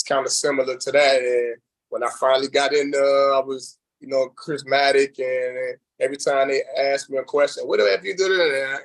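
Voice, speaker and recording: A man who was on a reality show shares his story in a loose, casual interview, his voice sitting at medium pitch. He's animated, does impressions of people he quotes, and rambles with lots of fillers. The recording is low quality.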